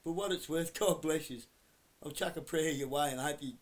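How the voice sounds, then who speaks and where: A man's voice: on the high side, normal speed. Swearing man ranting. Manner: blunt, swearing heavily, flaring into shouting. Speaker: vlogger. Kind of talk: profane direct-to-camera rant.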